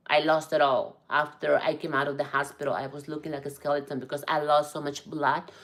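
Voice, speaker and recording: A woman's voice: sits low, fairly bright tone, rough recording. A middle-aged woman hosting a livestream, chatting casually and defiantly as she reads out viewer comments. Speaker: livestream host reading chat. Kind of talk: casual live chat.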